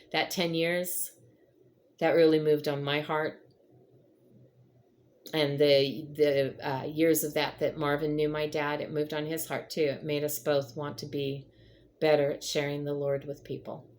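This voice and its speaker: Low-voiced woman sharing a heartfelt story. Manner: earnest, emotional, speaks directly to viewers. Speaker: vlog host.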